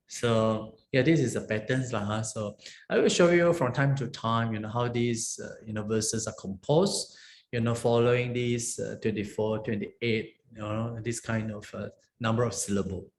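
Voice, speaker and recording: Monk teaching Pali in a roomy space. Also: male voice, medium pitch, steady tone, moderate pace. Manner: explains step by step, checks in with "okay? right? huh?". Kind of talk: online language lesson. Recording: roomy echo.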